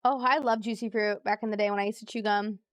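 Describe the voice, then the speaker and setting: A woman's voice: medium pitch, steady tone, fast talker, clean tone, no room sound, studio quality. A woman streaming a trivia game, chatting casually with her viewers, reading clues aloud and laughing easily. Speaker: live streamer. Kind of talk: casual live-stream chat while playing a trivia game.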